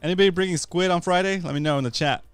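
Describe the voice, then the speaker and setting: A man hosting a casual fishing talk show, chatting with his co-host and giving upbeat shout-outs to viewers. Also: sits high, very fast, clean tone, dry recording, faint music behind.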